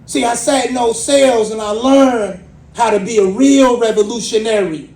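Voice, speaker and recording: A man, giving an impassioned, rhythmic, preacherly speech to a crowd at a community event, building to loud emphatic peaks. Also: very high voice, normal speed. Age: 40s. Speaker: exonerated speaker at a book launch. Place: community event hall with audience. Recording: echoey hall, mic from far off.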